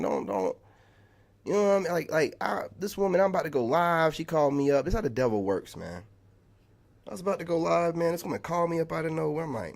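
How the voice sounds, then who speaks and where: A man's voice: fairly high pitch, very animated, fast talker, vocal fry, darkish tone. A man ranting in a vlog monologue, heated and exasperated, peppering his talk with "man". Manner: heated, exasperated, repetitive storytelling with lots of "man". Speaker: content creator.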